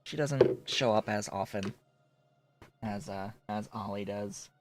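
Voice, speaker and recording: A man streaming a game, explaining its mechanics out loud in casual commentary, thinking through them with fillers as he goes. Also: slow, soft background music. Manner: coos to his cat in a soft high voice between explanations.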